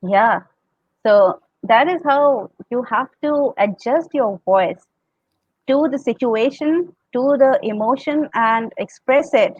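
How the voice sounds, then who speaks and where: On a podcast, a woman with an Indian English accent explains public speaking tips, acts out sample tones, and laughs often. Her voice is a little high and her pace slow. The audio is dull, with no room sound.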